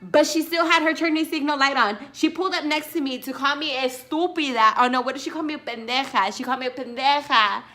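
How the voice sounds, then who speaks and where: A woman's voice: high voice, fast talker, few pauses, bright, forceful tone. A young woman vlogger telling a story in a casual, sassy way, with lots of asides to her viewers.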